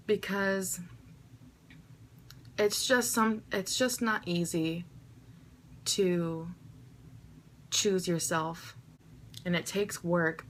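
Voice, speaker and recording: A young woman with a mid-range voice talks straight to the camera, answering viewer questions with heartfelt emotion, plenty of swearing, and pleas for self-love. A little hiss or hum sits in the recording.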